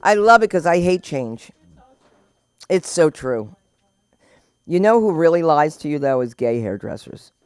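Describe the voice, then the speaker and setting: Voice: medium pitch, lively intonation, darkish tone, clean tone, no echo. An open mic host joking with the crowd and introducing the next comic. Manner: quick, playful banter. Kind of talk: stand-up and emceeing.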